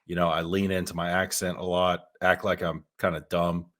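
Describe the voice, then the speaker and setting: A man's voice: low voice, flat delivery, normal speed, a bit bright. A man with a Texas accent, co-hosting a podcast in a casual, folksy conversational style. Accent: Texan. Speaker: podcast co-host.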